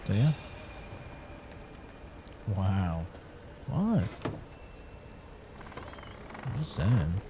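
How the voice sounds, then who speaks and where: A man's voice: deep voice, big pitch swings, very slow, pauses often, background noise. A young man streaming a game, telling rambling, profane stories in casual chat. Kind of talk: casual chat while gaming. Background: game music.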